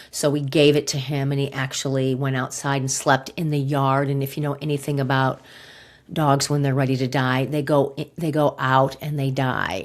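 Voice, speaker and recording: Low-voiced woman podcast host, near tears. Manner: emotional, halting, with sighs and pauses. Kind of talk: personal storytelling.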